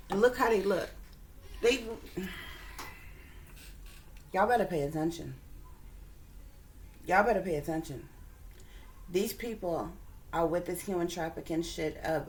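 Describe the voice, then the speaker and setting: A woman hosting a reaction video, indignant and repeating her points for emphasis. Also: on the low side. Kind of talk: reaction commentary.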